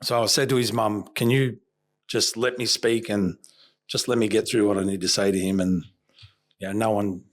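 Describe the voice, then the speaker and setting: A man's voice: lowish voice, steady tone, moderate pace. Man, boxing coach, podcast storytelling, emphatic, acts out dialogue.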